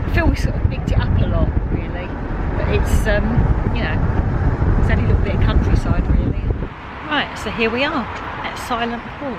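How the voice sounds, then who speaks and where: A woman's voice: mid-range voice, lively intonation, normal speed, heavy background noise. A woman filming a casual vlog on a countryside trail, chatting and reading facts aloud with small slips, a bit out of breath from walking. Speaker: vlogger.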